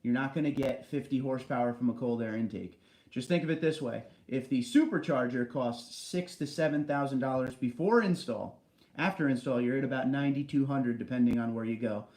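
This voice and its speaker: This livestream host talks briskly at an average pitch, his voice bouncing around a spacious indoor basement. He keeps things relaxed and chatty, reading viewers' comments out loud and replying to them.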